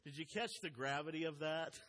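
A man's voice: on the high side, brisk, a bit bright. A man preaching a sermon as a pastor, speaking earnestly and reading scripture aloud with emphasis. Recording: long hall reverb.

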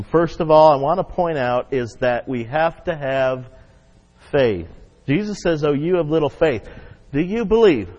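A man preaching a sermon as pastor, emphatic, swinging between loud stress and hushed asides. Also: on the high side. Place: church sanctuary. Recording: dull audio with long hall reverb.

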